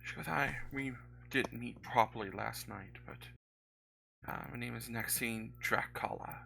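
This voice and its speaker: A man's voice: mid-range voice, a little slow, vocal fry, bright, forceful tone, a little hiss or hum, exaggerated voice, poor audio. A man voicing a worried woman in her fifties. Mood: earnest. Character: middle-aged woman innkeeper, worried and earnest.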